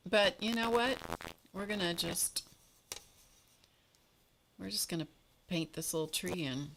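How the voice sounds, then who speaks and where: A woman's voice: on the low side, measured pace, vocal fry, noisy background. A woman hosting an art livestream, chatting casually in a rambling, storytelling way with small laughs as she paints. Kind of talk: casual chat while painting.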